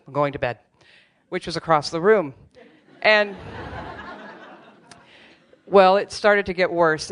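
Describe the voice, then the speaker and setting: A woman's voice: fairly low pitch, clean tone. A middle-aged woman telling a true personal story on stage, candid and wry, with self-deprecating humor. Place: theater stage before a live audience.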